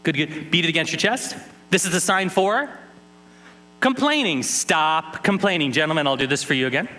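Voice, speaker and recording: Animated man teasing a conference crowd. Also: on the high side, moderate pace, slight background noise. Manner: playful, teasing, jokes with the crowd. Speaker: keynote speaker teaching sign language. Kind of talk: lively conference keynote with audience participation. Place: large conference hall.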